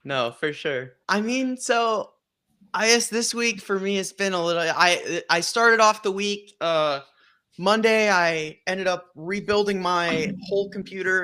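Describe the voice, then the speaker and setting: A man hosting a casual livestream, loose and excitable, swearing casually as he chats with his guests. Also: high-pitched, measured pace, smooth. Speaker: livestream host.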